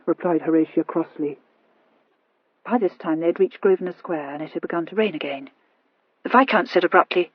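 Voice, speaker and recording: A woman narrating an audiobook in an even, measured storytelling voice. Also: fairly low pitch, breathy edge, no echo, dull audio. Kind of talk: scripted narration.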